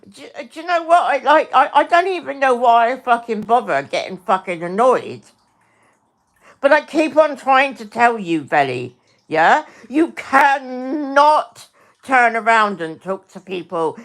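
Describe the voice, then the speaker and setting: A woman's voice: fairly high pitch, sing-song, a little slow. A middle-aged woman hosting a livestream, ranting angrily and swearing, often repeating herself and speaking to her chat by name. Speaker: livestream host. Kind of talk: angry livestream rant.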